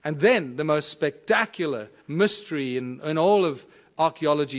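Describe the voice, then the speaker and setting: A man's voice: fairly high pitch, animated, normal speed, few pauses. A man giving a conference lecture, explaining things and pointing them out to his audience as he demonstrates. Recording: echoey room.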